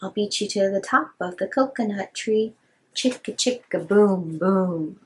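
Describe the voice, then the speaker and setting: A woman's voice: medium pitch, normal speed, breathy edge. A woman chanting a cheeky daring letter. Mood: teasing. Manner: teasing dare chant.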